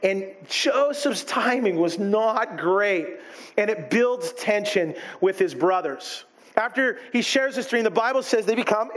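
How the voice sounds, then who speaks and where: A man preaching a sermon in an animated way, acting out the people he quotes. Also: very high voice. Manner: animated, acts out quoted characters. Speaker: pastor.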